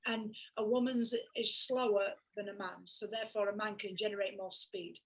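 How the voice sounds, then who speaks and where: A woman panelist talking in a relaxed, measured way. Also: mid-range voice, breathy edge, poor audio. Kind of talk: panel discussion.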